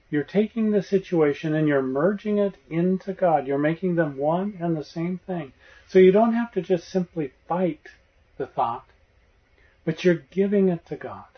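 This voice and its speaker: A man with a fairly high voice gives a meditation talk and tells a parable gently, lending the people in the tale their own voices. The recording sounds dull and lo-fi. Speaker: spiritual teacher.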